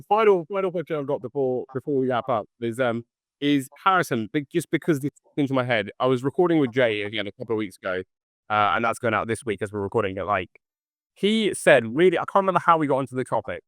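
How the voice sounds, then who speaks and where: A man hosts a casual podcast, winding through his questions and circling back on himself as he goes. His voice sits at an everyday middle pitch, recorded close and dry. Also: a bit bright, dry recording. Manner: rambling, loose questions with restarts. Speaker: podcast host. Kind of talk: casual chat.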